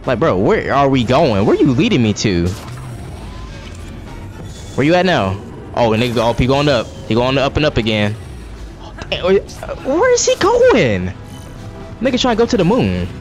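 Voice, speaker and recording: Faint music plays behind this gaming streamer, whose mid-range voice has a sing-song lilt at a normal speed, broken by long pauses. He swears and vents his frustration in running commentary on his live gameplay.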